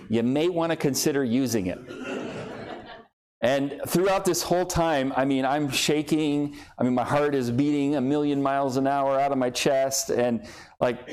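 A man's voice: on the high side, normal speed, darkish tone, smooth. A male pastor delivering a sermon, telling a personal story with self-deprecating humor.

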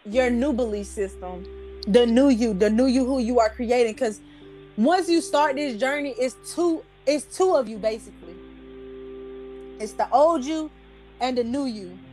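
High-voiced woman telling a casual story. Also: measured pace, faint music behind. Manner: animated, slangy, repeats "like" and "I was like". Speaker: vlogger.

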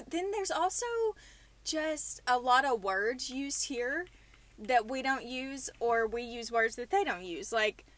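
A woman's voice: a little high, a bit bright, no echo. Chatty Southern woman with a dry close sound. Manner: chatty, laughing storyteller. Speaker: podcast host. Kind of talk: casual podcast chat.

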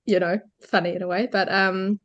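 Woman guest, mid-pitched, tells her story candidly with quick laughs. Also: flat delivery, a bit bright, lo-fi sound. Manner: candid, laughs lightly between phrases. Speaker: podcast guest. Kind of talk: personal birth story in an interview.

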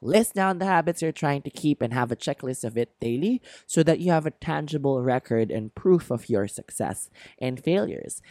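Male podcast host, mid-pitched, earnest motivational delivery, close dry mic. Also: expressive, normal speed, a little mellow, no room sound. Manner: earnest, encouraging, laughs at himself. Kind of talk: motivational self-help monologue.

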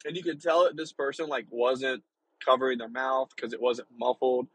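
Rambling young man with a husky voice. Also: medium pitch, fairly even intonation, moderate pace, fairly bright tone, low-quality recording. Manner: rambling, lots of filler and restarts. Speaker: vlogger. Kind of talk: casual storytelling.

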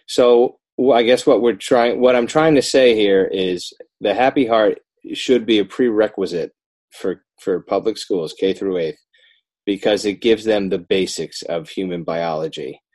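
Deep-voiced man, animated and dry. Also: unhurried, no room sound. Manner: animated, self-interrupting, rising emphasis. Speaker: children's book author, guest. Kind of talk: casual interview talk.

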